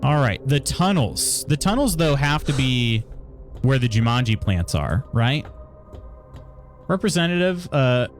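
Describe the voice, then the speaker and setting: A man's voice: medium pitch, sing-song, unhurried, soft background music. Chatty man streaming a game. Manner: chatty, reads chat aloud, frequent chuckles. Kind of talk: casual live-stream chat while gaming.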